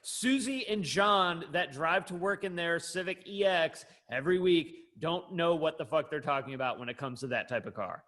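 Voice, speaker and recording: A man's voice: a little high, normal speed, hardly any pauses, sharp tone. A man co-hosting a casual chat podcast, blunt, joking and swearing freely. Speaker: podcast co-host.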